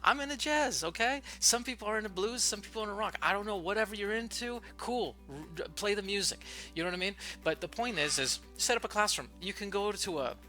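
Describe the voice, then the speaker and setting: A man teaching online English, giving casual, playful and excitable how-to advice in a vlog. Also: high voice, fast talker, soft background music.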